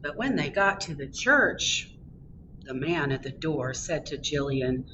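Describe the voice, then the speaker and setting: Expressive female storytime reader, animated delivery, faint background rumble. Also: a little slow, lo-fi sound. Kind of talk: reading a picture book aloud. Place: public library.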